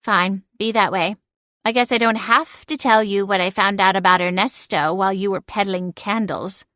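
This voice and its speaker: A woman's voice: mid-range voice, steady tone, moderate pace, pushed and bright, no room sound, natural voice. A woman voicing a snarky, sarcastic female cat familiar with a dry, cutting, mocking manner in an audiobook. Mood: smug. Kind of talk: audiobook narration.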